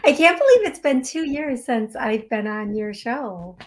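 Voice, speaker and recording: A woman's voice: on the high side, animated, measured pace. A woman appearing as a psychic medium guest on a talk show, chatting casually and laughing easily.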